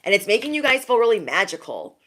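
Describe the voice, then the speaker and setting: A woman's voice: medium pitch, very animated, fast talker, a bit bright. A young woman doing a casual spiritual card reading, chatty and laughing often as she talks to her viewers. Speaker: tarot reader.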